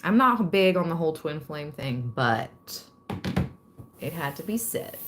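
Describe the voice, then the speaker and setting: A woman giving a calm, reflective tarot reading to her viewers. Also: sits low, measured pace, very noisy. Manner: calm and reflective, reading card meanings aloud. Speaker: tarot card reader.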